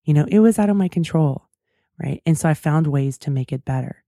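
Her voice is deep and dark-toned, moving briskly as this talk show host tells a personal story, chatty and reflective, with frequent asides. It's a casual storytelling monologue from a podcast host, captured with clean, dry studio sound.

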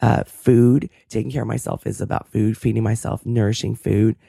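Hoarse woman podcast host, earnest and reflective, dry close sound. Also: a bass voice, steady tone, moderate pace, warm tone, dry recording. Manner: earnest, thoughtful, self-deprecating. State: hoarse, cracking voice. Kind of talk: casual interview chat and solo reflection.

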